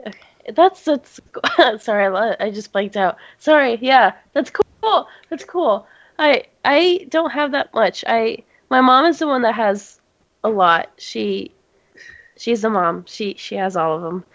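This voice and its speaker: A teenage girl co-hosting a casual chat, sick and coughing, giggly and halting with lots of restarts. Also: a little high, expressive, dry recording, highs cut off. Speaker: podcast co-host.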